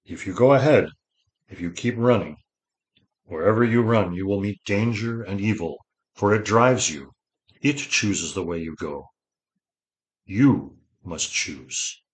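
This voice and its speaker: A grave old mage gives counsel in a low, unhurried voice that is gentle but solemn. A man voices him in an audiobook reading. Each phrase is measured and weighty. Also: expressive.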